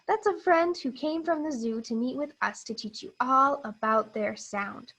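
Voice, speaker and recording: A woman teacher reading a picture book to young children in a high, gentle voice. She speaks slowly and exaggerates each sound. She encourages the children to repeat after her. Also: rough recording. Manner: slow, exaggerated and encouraging, with sounds modeled clearly. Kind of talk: read-aloud phonics lesson for young children.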